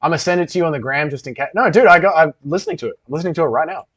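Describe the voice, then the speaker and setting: A man with a fairly high, slightly rough, somewhat bright voice talks at a racing pace. He hosts a casual livestream, reading comments and rambling loosely with lots of swearing, all in dull lo-fi stream audio.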